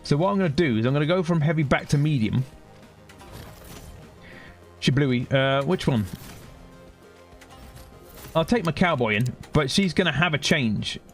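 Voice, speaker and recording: Male streamer, dry sarcastic running commentary, slightly high voice, faint game music under. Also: lively intonation, moderate pace, pauses often. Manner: sarcastic, chatty, thinks aloud. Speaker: gaming streamer. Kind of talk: casual gameplay commentary.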